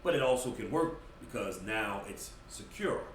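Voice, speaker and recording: A man's voice: fairly low pitch, normal speed. A man in casual conversation, spinning a story with lots of acted-out quotes and bursts of laughter. He sits a little away from the mic. The room is echoey and has a faint hum of ambience. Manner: animated storyteller, acts out quotes, laughs as he talks. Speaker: podcast guest. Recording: roomy, slightly distant mic, faint ambience.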